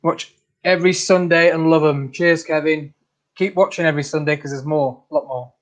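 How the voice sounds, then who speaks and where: Bloke chatting on a livestream, voice on the high side, laughs a lot, calls everyone mate. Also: male voice, fairly even intonation, a little fast. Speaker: channel host. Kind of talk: casual livestream chat reading comments.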